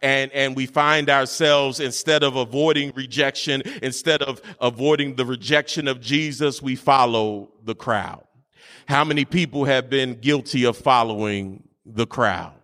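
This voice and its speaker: A pastor preaching a sermon with fervent delivery, moving between shouted sing-song peaks and quieter teaching. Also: male voice, mid-range voice, a little slow. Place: church sanctuary. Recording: long hall reverb.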